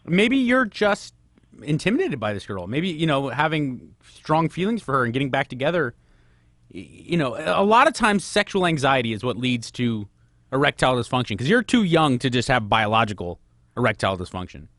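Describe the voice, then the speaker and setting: A man's voice: medium pitch, big pitch swings, moderate pace, a bit bright, no room sound, studio quality. A man hosting a call-in radio advice show, giving frank advice and firing off probing questions. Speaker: radio host.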